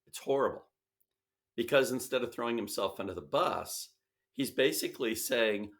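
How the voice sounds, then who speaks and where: A man speaking as an interview guest, emphatic and animated, often switching into quoted voices to make his point. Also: medium pitch, moderate pace. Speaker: sales expert guest. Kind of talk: conversational interview.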